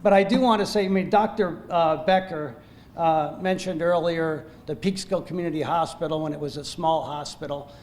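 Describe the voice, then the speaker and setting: Older man giving halting gala remarks. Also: on the high side, steady tone, darkish tone. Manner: halting, self-deprecating, with many fillers. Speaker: guest speaker at a gala, Army veteran. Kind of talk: informal remarks to an audience. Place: banquet hall at an evening gala.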